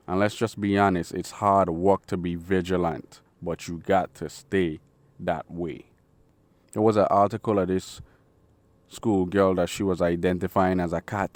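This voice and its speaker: A man's voice: sits low, a little mellow. A man delivering a blunt, profane, preachy opinion monologue as a channel host.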